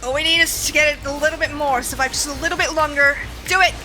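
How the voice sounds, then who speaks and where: A woman streaming a video game, chatting to her viewers, excitable and swearing often, with frequent laughs. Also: high-pitched, fast talker, over music, poor audio. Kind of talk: live-stream chat while gaming.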